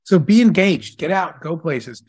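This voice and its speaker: A man telling stories to an audience, slipping into the voices of the people in them. His voice sits a little high for a man, and the sound is dry and close. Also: measured pace, breathy edge, no room sound. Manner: animated storyteller who acts out dialogue. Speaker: guest speaker and entrepreneur. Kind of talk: storytelling in a live Q&A talk.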